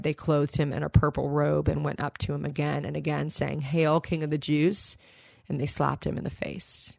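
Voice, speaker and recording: A woman with a fairly low voice preaches a sermon, recorded close and dry with no room sound. She reads scripture aloud and retells it in an easy, conversational way. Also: creaky, no echo.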